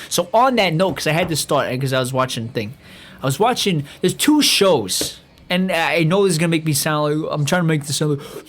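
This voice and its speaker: A young man hosting a podcast, ranting in a rambling, profane way with lots of stammering restarts. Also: mid-range voice. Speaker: podcast host. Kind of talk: casual rant.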